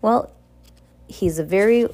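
A woman's voice: mid-range voice, takes it slowly, warm tone. A woman doing a bookish teenage boy. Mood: earnest. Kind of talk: audiobook reading.

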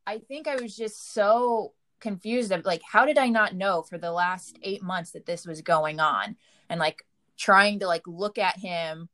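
A woman's voice: medium pitch, unhurried, fairly bright tone. A woman telling a painful personal story in casual conversation, full of fillers and quoted dialogue. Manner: emotional, frequent "like" fillers, quotes herself. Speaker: partner of a recovering addict, guest.

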